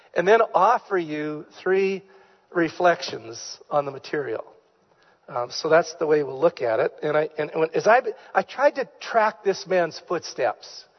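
A pastor preaching a sermon in church, with emphatic delivery, repeated key phrases and questions put to the congregation. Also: male voice, high voice, long reverb tail, muffled recording. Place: church sanctuary.

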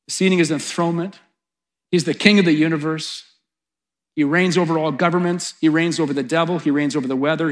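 A middle-aged man preaching a sermon, swelling to loud, fervent peaks and then dropping soft. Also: fairly high pitch. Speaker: pastor.

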